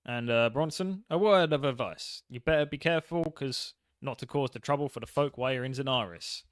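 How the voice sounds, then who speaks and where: A man voicing a theatrical fairy godfather who is also a mafia boss, with a put-on Italian accent and a drawn-out drawl. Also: medium pitch, smooth, no room sound, studio quality, lightly acted. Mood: menacing.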